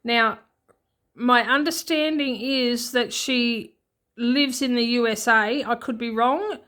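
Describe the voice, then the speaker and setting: A woman's voice: fairly high pitch, slow, a bit bright. An Australian woman chatting casually and unscripted as a budgeting vlogger at home, rambling and repeating herself as she goes. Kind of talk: casual unscripted vlog chat. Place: at home with her cat nearby.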